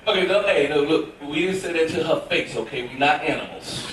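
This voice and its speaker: A man from Tennessee doing stand-up comedy, telling a story in an animated, emphatic way with shouted punchlines. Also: a little high, brisk, slight background noise. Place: cruise ship theater with audience. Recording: echoey theater from far off. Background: audience laughter.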